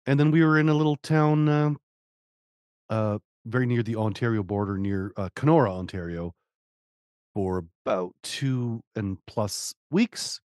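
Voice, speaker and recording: A man's voice: on the low side, a little slow, darkish tone, dry recording, studio quality. A man co-hosting a podcast in casual chat, joking and hesitant with many fillers. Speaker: podcast co-host.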